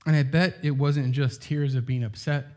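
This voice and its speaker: A man's voice: mid-range voice, fairly even intonation, normal speed, a little mellow. A middle-aged man preaching a sermon in a loose, conversational way, full of asides and rhetorical questions.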